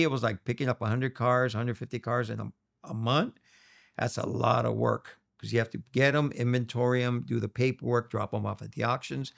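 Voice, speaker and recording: A middle-aged man with a gravelly, rough-edged voice recounts stories in a relaxed interview. He slips into the voices of the people in his stories, and his pitch sits in an ordinary middle range. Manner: animated storyteller, acts out quoted voices. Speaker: interview guest. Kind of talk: storytelling interview.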